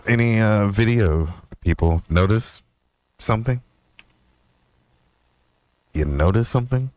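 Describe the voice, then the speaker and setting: A young man hosting his own podcast, telling a personal story in a rambling, profane way, laughing often and jumping into a higher voice when he quotes himself. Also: animated, slow pace, no echo. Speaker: podcast host. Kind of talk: casual storytelling monologue.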